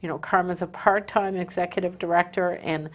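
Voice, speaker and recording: A woman host speaks to her audience in a slightly low voice, earnest and sincere. She pauses often with "um" between her thoughts. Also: steady tone. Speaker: host of a community talk show. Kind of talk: hosting a live community show.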